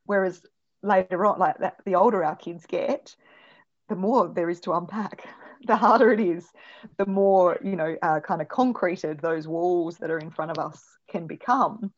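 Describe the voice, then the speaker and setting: Give me a thoughtful woman guest with a lowish voice, pausing and restarting as she explains, on a muffled recording. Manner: thoughtful, many restarts and fillers. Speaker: parenting specialist guest. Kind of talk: conversational podcast interview. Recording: dull lo-fi recording.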